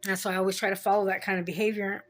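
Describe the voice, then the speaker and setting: A woman's voice: mid-range voice, little pitch movement, rapid-fire. A middle-aged woman vlogger telling personal stories in a frank, rambling way. She swears freely and laughs at herself. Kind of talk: candid personal storytelling.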